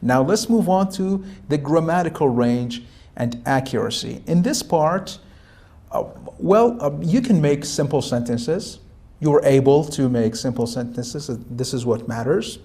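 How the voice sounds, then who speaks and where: A man giving spoken feedback to a student as a speaking examiner, calm and instructive, with many fillers and restarts. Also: fairly high pitch, unhurried.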